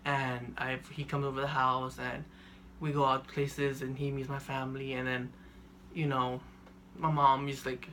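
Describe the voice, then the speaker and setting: A young man telling a personal story in a flat, monotone, rambling way, full of filler words. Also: medium pitch, a little slow, a little hiss or hum. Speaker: vlogger.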